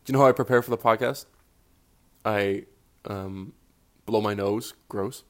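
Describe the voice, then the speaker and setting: Male podcast host, lowish groggy morning voice, rambling self-deprecating chat with casual swearing. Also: fairly even intonation, unhurried.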